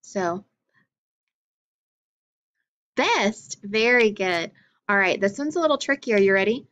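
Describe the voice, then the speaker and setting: A woman teaching a phonics lesson to young children, enunciating each sound clearly and praising often. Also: medium pitch, animated, moderate pace, fairly bright tone, lo-fi sound.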